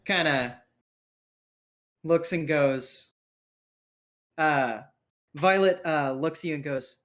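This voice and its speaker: A man's voice: fairly high pitch, takes it slowly, long pauses, fairly bright tone. A man narrating as game master for a tabletop game, casual with many fillers.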